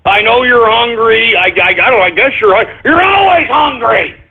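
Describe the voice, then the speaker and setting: High-voiced exasperated man on a phone line. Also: expressive, moderate pace, husky. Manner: exasperated, repeats himself, ends up shouting at a dog. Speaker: radio show talker. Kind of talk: rambling live radio talk.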